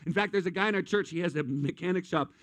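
A man's voice: high-pitched, fast talker, fairly bright tone, no echo. A middle-aged man, a pastor, preaching a sermon with humorous, self-deprecating stories.

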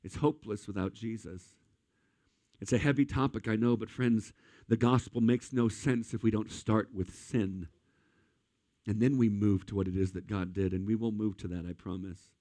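Energetic, chatty preacher man, dry sound. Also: lowish voice, moderate pace, no echo. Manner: conversational, energetic preaching, addressing the congregation directly. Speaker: pastor. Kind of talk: sermon. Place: church service.

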